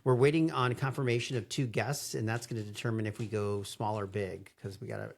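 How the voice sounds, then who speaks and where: Man co-host, lowish gravelly voice, rambling casual talker with many fillers. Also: level tone, brisk. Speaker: podcast co-host. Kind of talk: casual chat.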